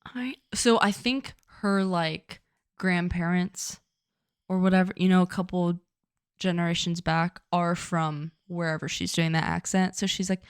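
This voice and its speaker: A woman co-hosting a podcast in casual chat, chatty and animated with lots of fillers. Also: lowish voice, a little slow, clean tone, no room sound, clean studio sound. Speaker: podcast co-host.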